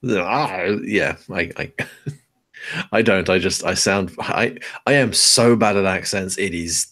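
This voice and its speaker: A relaxed man chatting on a podcast in a somewhat low voice. He is easygoing and often makes fun of himself. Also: slow. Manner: easygoing, self-deprecating. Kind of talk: casual podcast chat.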